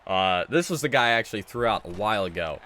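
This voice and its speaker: A man's voice: lowish voice, animated, fast talker, pushed and bright. A man hosting a gaming channel, casually telling a rambling story while he plays, emphatic and often restarting his sentences. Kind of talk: casual storytelling over gameplay.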